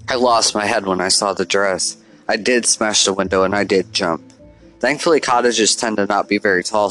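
A man with a lowish voice reads a first-person horror story as if confiding in a diary. His telling is earnest and confessional, with a faint bed of music beneath. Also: fairly bright tone, low-quality recording. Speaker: narrator.

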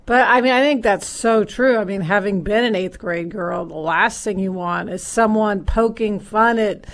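A woman's voice: mid-range voice, normal speed. A woman co-hosting a podcast, talking in an easygoing, casual way. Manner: easygoing, conversational with fillers. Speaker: podcast co-host.

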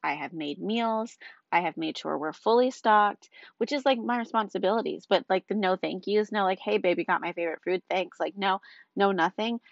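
A woman's voice: medium pitch, moderate pace, creaky, dry recording. A young mother from the telling a frustrated story about her day, chatty and exasperated, full of "like" and "um". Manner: chatty, exasperated, frequent fillers like "like" and "um". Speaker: mother of two small children. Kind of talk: casual storytelling vlog. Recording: dull, dry lo-fi recording.

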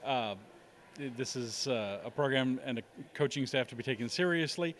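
A man's voice: mid-range voice, normal speed, fairly bright tone, a little hiss or hum. A man, a sports journalist, giving fluent, analytical interview answers.

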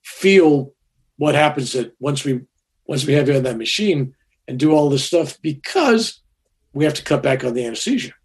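A man's voice: fairly high pitch, animated, normal speed, slightly rough. A man voicing a blunt male surgeon who explains an operation in a matter-of-fact, offhand way.

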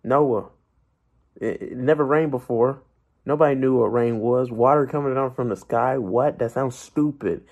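A man's voice: medium pitch, moderate pace, phone-quality sound. A young man in a Christian video blog, giving a motivational devotional talk and pressing his viewers with rhetorical questions. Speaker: Christian vlogger.

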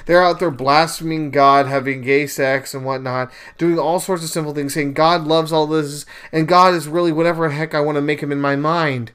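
A young man hosting a podcast, retelling a story in a casual, animated monologue, with sudden louder bursts. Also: fairly high pitch, moderate pace, few pauses, smooth. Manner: animated storyteller, paraphrases scenes in bursts of raised voice. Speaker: podcast host. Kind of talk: casual religious commentary monologue.

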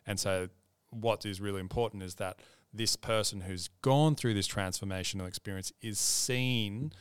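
A man hosting a casual interview, reflective and quick to laugh. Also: lowish voice, clear, resonant tone, dry recording. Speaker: podcast host.

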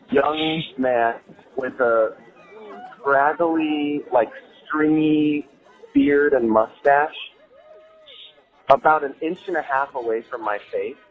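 Lively man telling a story over a phone-like line. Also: on the high side. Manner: animated, laughs often, many "like" fillers, swears casually. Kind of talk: casual anecdote telling. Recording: phone-like line with faint music.

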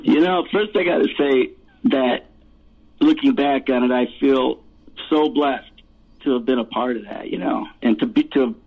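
A man's voice: mid-range voice, normal speed. Rambling man on a tinny phone line. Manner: rambling, laughing, profane storyteller. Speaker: musician guest. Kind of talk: casual storytelling interview.

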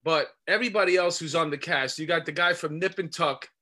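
A man's voice: on the high side, fairly quick. A man with a New York accent, an actor, talking emphatically in casual chat with plenty of fillers. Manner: emphatic, animated, many fillers. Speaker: actor, co-host.

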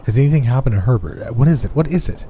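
A man voicing an anxious old woman, a loving mother who pleads in a higher, pleading tone. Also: animated, brisk, warm tone, a little hiss or hum, lightly acted. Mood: frantic. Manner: pleading, rising to frantic.

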